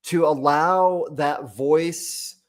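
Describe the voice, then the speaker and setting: A man's voice: a little high, steady tone, drawn-out words. A man, a personal growth coach, explaining his method step by step in a podcast conversation, using homely metaphors.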